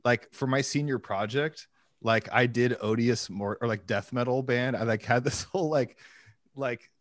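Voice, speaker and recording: A man talks in a chatty, eager way and often cuts in with "just real quick." His voice sits in a middle range. The sound is dry and close, with no room echo. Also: mid-range voice. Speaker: band member. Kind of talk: casual podcast chat.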